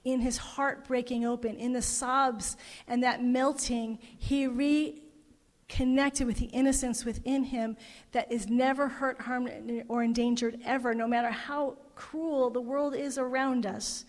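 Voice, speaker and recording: A woman's voice: a little high, steady tone, a little slow. A middle-aged woman minister giving a sermon, telling a story with emotion and voicing the people in it. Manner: emotive, retelling a story with quoted voices. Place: parish hall. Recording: long hall reverb.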